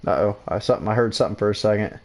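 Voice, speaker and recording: A man's voice: fairly low pitch, racing, darkish tone. A man hosting a casual livestream, talking loosely and often repeating words and restarting sentences. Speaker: streamer host.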